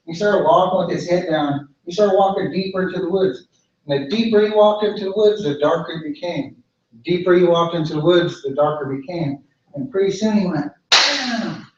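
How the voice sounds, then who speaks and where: A man, a cultural director, telling a traditional story in a relaxed way, repeating phrases. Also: fairly high pitch. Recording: echoey room, far mic, dull.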